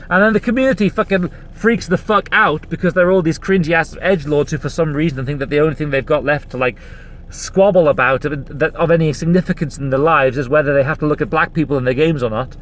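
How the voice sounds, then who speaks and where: A man's voice: fairly high pitch, fast talker, a bit bright, a little hiss or hum. A man hosting a podcast, delivering a heated, rambling and profane rant from a car while driving. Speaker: podcast host. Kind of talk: ranting monologue.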